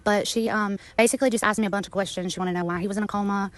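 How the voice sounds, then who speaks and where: A woman's voice: mid-range voice, steady tone, very fast. A woman with a Southern country accent, reporting in a voice message. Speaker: group admin.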